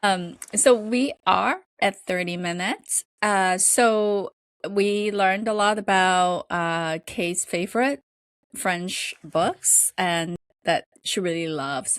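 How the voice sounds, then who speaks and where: A woman co-hosting a podcast in casual chat, talking haltingly with many fillers and restarts and laughing between phrases. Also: fairly low pitch, a bit bright, no room sound. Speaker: podcast co-host.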